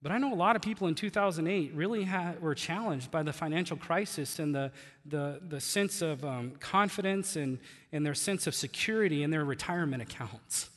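Bright-voiced man preaching in a reverberant hall. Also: on the high side, fairly quick. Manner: conversational, animated preaching with laughs. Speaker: pastor. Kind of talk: sermon.

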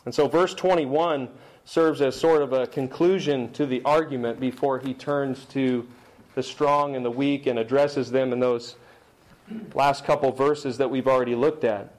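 A middle-aged man preaching a sermon, emphatic in delivery, slowing down to read scripture aloud. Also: medium pitch, fairly even intonation, a little mellow, low-quality recording. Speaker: pastor.

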